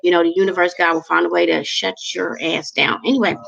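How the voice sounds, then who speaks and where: A woman's voice: lowish voice, fairly even intonation, fast talker, gravelly, a bit bright, lo-fi sound. A woman in her forties telling a personal story to camera in a chatty, rambling, emotional way with lots of fillers. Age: 40s. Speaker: vlogger.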